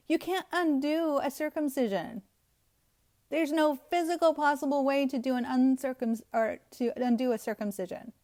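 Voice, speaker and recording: A woman's voice: sits high, moderate pace, a little mellow. A woman giving scornful, emphatic Bible commentary to her viewers. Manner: scornful, emphatic, laughs at the text. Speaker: Bible teacher.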